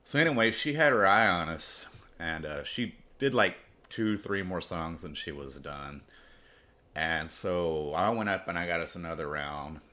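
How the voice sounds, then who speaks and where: A man with a low voice and a bright, forceful edge hosts his own storytelling podcast. He rambles casually through a personal tale, swearing freely and doubling back on himself as he goes. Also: a little slow. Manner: profane, rambling.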